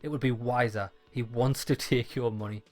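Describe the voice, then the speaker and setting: A man's voice: mid-range voice, fairly even intonation, normal speed, soft background music. A man playing a dialogue-heavy game, reading the lines aloud and adding wry jokes. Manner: wry, joking asides between read lines. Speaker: gaming YouTuber.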